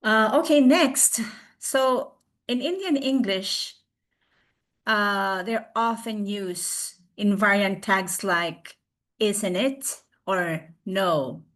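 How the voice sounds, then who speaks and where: A woman presenting a recorded online class on a video call, explaining slowly with fillers and restarts. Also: mid-range voice, fairly bright tone.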